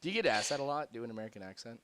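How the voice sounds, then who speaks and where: A man's voice: medium pitch, animated, racing, a bit bright, dry recording. A man hosting a casual live stream, mostly giving short upbeat reactions. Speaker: stream host.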